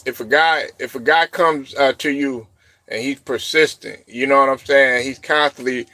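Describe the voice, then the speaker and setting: A man hosting a casual live stream, rambling and laughing often, breaking into loud shouted reactions. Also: mid-range voice, normal speed, no room sound. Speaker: show host.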